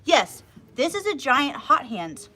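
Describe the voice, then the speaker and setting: A woman hosting a casual livestream as media director, chatty and animated, often laughing. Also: sits high, takes it slowly. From Texas.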